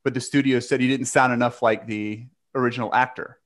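A man hosting a fan podcast who introduces his guest and asks friendly, measured questions. His voice sits at a middle pitch for a man. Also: steady tone. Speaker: podcast host. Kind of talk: casual interview.

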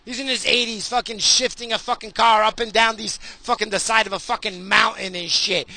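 Brief: heated, sweary middle-aged man, very tense bright voice, dry close sound, talking from his car. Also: high voice, fairly even intonation, a little fast, hardly any pauses, no echo. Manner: crude, heated and sweary, with frequent restarts. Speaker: solo podcaster. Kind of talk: profane ranting monologue. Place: in a car while driving.

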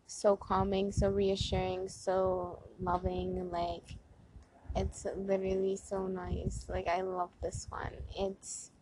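A woman's voice: mid-range voice, monotone, slow pace, a little mellow, low-quality recording. A woman casually talking through positive affirmations on her porch, chatty with many "like" fillers and repeated lines. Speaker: host reading affirmations. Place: outdoors on a porch. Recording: faint wind noise outdoors. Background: wind.

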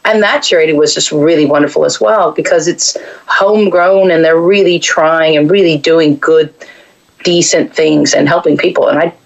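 A woman's voice: sits low, fairly even intonation, moderate pace, creaky, highs cut off. Chatty Texan woman telling travel stories. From Texas. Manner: rambling, chatty storytelling with many restarts. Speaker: guest. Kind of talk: casual podcast chat.

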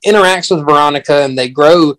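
A man's voice: a little high, brisk, fairly bright tone, low-quality recording. A man talking through a film in a casual chat, rambling earnestly with frequent restarts.

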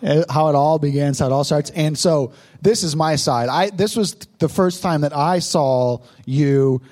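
A man's voice: a little high, unhurried, darkish tone. A pastor in his thirties telling how he met his wife, teasing and joking as he preaches. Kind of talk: sermon told as a couple's story.

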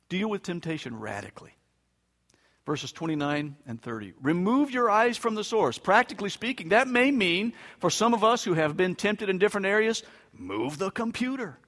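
A male pastor preaching a sermon in an emphatic, conversational way with touches of humor, his voice swinging between loud bursts and quiet asides. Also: sits high. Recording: long reverb of a large hall.

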